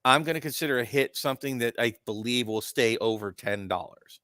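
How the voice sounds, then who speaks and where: A man's voice: mid-range voice, fairly quick, sharp tone, no echo, studio quality. A man born and raised in Virginia, co-hosting a casual card game round table and explaining things patiently with plenty of "um"s. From Virginia, US Southern. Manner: explains patiently, with many "um"s and repeated "no, no". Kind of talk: casual chat.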